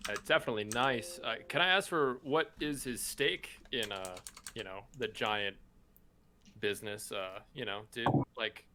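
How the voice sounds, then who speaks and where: A man's voice: fairly low pitch, normal speed, sharp tone, a little hiss or hum. A man playing in a tabletop game, laid-back and casual. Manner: laid-back, saying "dude" a lot. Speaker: player. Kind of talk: casual chat.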